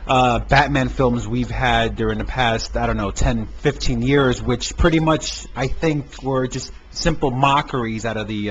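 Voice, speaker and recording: A man hosting a casual film review podcast, talking hesitantly with many fillers and restarts. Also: mid-range voice. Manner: hesitant, stammering, lots of fillers. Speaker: podcast host. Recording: dull lo-fi amateur podcast recording with faint noise.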